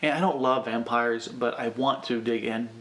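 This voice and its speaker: A man's voice: mid-range voice, moderate pace. A man hosting a book tag vlog, talking in a gushing, effusive way about covers and reading plans. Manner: gushing, effusive, repeats himself when excited. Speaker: book vlogger.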